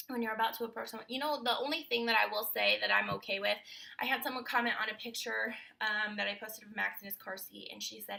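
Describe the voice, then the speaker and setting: A woman's voice: medium pitch, fairly even intonation, fast talker, creaky, bright, forceful tone, poor audio. A young adult woman, a mom, venting in a casual vlog monologue in an emphatic, frustrated way. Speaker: mom vlogger.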